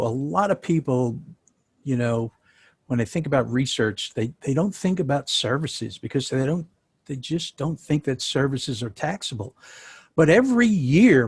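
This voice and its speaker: A man with a New York accent talks through his answers in a relaxed, conversational way, full of fillers and restarts. His mid-pitched voice has a slightly husky edge. The sound is dry and close, with no room around it. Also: no room sound. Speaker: sales tax consultant. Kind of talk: interview answers.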